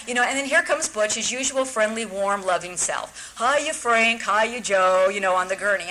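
A woman's voice: medium pitch, pushed and bright, slight background noise, rough recording. A woman telling her own story at a recovery talk, wry and self-mocking, often restarting her sentences.

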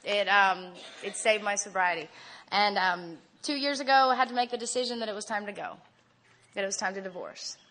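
An adult woman giving a candid personal testimony at a recovery meeting, animated and laughing often. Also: mid-range voice, a little fast, slight background noise.

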